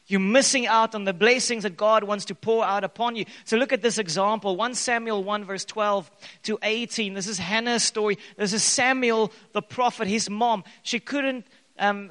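Man, pastor, very high voice, animated sermon, hall reverb. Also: smooth. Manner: animated preaching with bursts of loud acted quotes.

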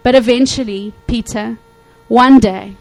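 A woman preaching a sermon to her congregation, animated, acting out Bible quotes and checking in often with her listeners. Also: on the high side, a little slow, creaky, poor audio. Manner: animated, acts out quotes, frequent "okay?" check-ins.

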